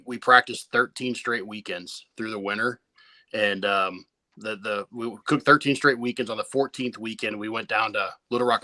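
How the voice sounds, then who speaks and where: A man with a bright, forceful voice recounts his competition barbecue past in an easygoing guest interview. He talks loosely and profanely, circling back and restarting his sentences. The sound is close and dry, with no room echo. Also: fairly low pitch. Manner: laid-back, swears freely, many restarts. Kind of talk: casual storytelling interview.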